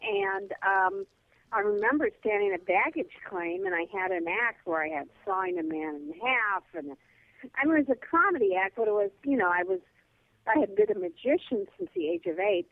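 Woman, chatty storyteller, thin phone-line sound, lively pitch. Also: normal speed, gravelly, no echo. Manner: lively, animated anecdote with many fillers. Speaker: comedy guest. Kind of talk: casual storytelling on a call-in show. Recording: tinny phone line, dry.

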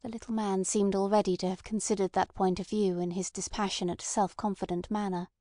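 A woman's voice: mid-range voice, level tone, mellow, no echo, studio quality. Woman reading a classic novel aloud. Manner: measured literary reading. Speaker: audiobook narrator. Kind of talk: scripted narration.

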